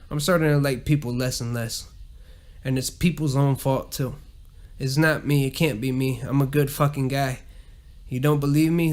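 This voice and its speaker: A man's voice: medium pitch, vocal fry. Profane ranting man with a Southern accent. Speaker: podcast host. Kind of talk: casual ranting monologue.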